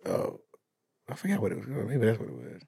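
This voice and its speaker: Gravelly-voiced comic host, dry close mic, loose animated storyteller. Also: male voice, lowish voice, fast, dry recording. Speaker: podcast host and comedian. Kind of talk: casual chat.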